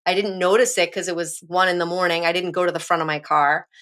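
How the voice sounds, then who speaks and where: A woman with a bright, forceful voice shares a personal story on a podcast. She talks in an animated, frank way, with an occasional curse word. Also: on the low side, fast. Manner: animated, candid storyteller who swears now and then. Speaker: podcast co-host. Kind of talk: casual chat, personal storytelling.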